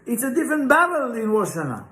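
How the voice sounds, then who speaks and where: A man's voice: very high-pitched, huge pitch swings, quick pace, a bit bright. A man teaching an informal spiritual class, talking emphatically and often checking in with "right?" and rhetorical questions. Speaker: Kabbalah teacher. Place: class room, live and online. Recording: roomy echoey room.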